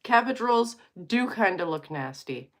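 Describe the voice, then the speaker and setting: Thirties woman from alberta rambling to her vlog viewers, slow unhurried talk, keeps cutting herself off. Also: on the high side, lively intonation. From Alberta, Canada. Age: 30s. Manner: rambling, playful, self-interrupting. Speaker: vlogger. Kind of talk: casual chat to viewers.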